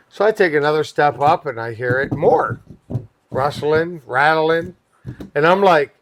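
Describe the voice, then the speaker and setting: Lively high-voiced man telling a wild story. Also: a little slow. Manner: lively, swears freely, laughs through his story. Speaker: podcast guest; pest control worker. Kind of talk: animated storytelling.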